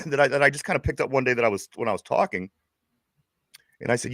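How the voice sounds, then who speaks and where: A man's voice: mid-range voice, quick pace, pauses often, fairly bright tone, dry recording, clean studio sound. A man from Pittsburgh with a Pittsburgh accent, co-hosting a casual sports chat show, rambling and laughing as he stumbles over his words. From Pittsburgh, USA. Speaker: podcast co-host.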